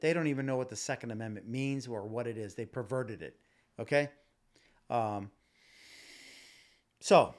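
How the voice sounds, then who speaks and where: Impassioned male podcast host ranting. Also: mid-range voice. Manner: impassioned, repetitive, many fillers and restarts. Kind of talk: casual solo podcast rant. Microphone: home podcast mic.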